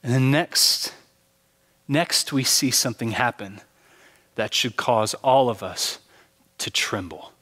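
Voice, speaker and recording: A man's voice: mid-range voice, takes it slowly, pauses often, sharp tone. A male pastor preaching a sermon with earnest, dramatic storytelling. He often repeats words as he starts his sentences. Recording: long hall reverb.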